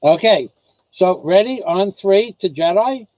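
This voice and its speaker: A man's voice: sits high, expressive, unhurried, a little mellow, no echo, rough recording. A man from the United States hosting a casual vlog, rambling through a rant, often restarting sentences and acting out little dialogues. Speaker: vlog host.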